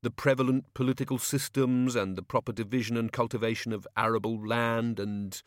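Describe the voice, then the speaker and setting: A man's voice: medium pitch, fairly even intonation, fairly quick, no room sound, studio quality, close to an everyday voice. A man voicing a queasy, flustered male god of hangovers who gabbles and splutters.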